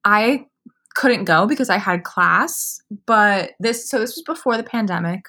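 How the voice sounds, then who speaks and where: A woman's voice: medium pitch, expressive, measured pace, pushed and bright, husky. Chatty young woman telling a story. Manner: chatty storytelling, frequent "like" and swearing. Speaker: podcast co-host. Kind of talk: casual chat over drinks.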